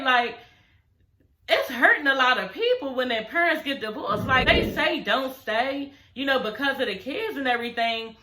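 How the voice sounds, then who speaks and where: A woman's voice: fairly high pitch, bright, forceful tone, a little hiss or hum. Chatty woman recapping to viewers in an echoey room. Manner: chatty, addresses viewers as y'all, frequent "you know what I'm saying". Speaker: reality show recap vlogger. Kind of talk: casual recap commentary.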